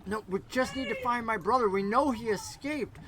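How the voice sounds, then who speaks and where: An earnest young woman, as a game master puts her on who speaks calmly and sincerely. The voice is a little lower and quieter than his narration. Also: normal speed, a crowd in the background.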